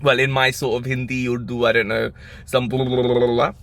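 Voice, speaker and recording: A young man casually telling a story to camera, animated and amused. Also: medium pitch, moderate pace. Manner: animated, amused, breaks into laughter. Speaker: vlogger.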